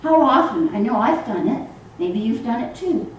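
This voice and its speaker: A woman minister giving a sermon to a congregation in a church hall, animated and acting out the voices she quotes. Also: on the high side, moderate pace, slight background noise. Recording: echoey hall, voice from far off.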